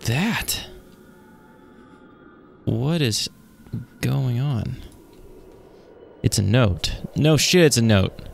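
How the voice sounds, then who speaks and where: Drawn-out words, vocal fry, and long pauses mark this man's expressive, medium-pitched voice, heard with slight background noise. He's a gaming YouTuber muttering profane, jumpy commentary to himself through a horror game.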